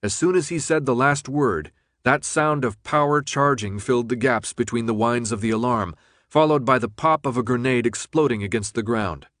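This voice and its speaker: A man narrates an audiobook in a steady, even storytelling voice of middling pitch. He is recorded close on a studio mic. The sound is dry, with no room echo. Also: moderate pace. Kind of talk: scripted narration.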